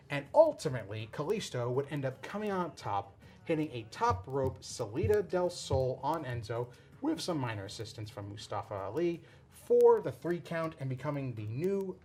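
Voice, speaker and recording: A man hosting a casual podcast, explaining a storyline in a rambling, excitable way with frequent restarts. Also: medium pitch. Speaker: podcast host. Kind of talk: casual wrestling chat.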